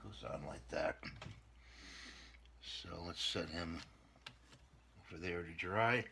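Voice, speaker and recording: A man's voice: low-pitched, takes it slowly, gravelly, sharp tone, slight background noise. A man hosting a casual hobby repair vlog, rambling and talking to himself as he glues models together. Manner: rambling, talks to himself while gluing. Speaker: channel host repairing models.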